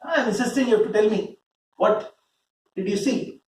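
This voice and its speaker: A man's voice: sits high, normal speed, slight background noise, close to an everyday voice. A man with an Indian accent voicing a nervous male court astrologer who hesitates and stammers. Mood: fearful. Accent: Indian English. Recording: roomy sound from far off.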